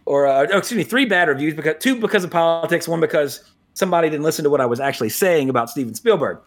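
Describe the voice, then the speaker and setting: A man's voice: fairly high pitch, lively intonation, racing. Rambling, chuckling male podcast host. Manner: rambling, chuckles often, many restarts. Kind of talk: casual podcast chat.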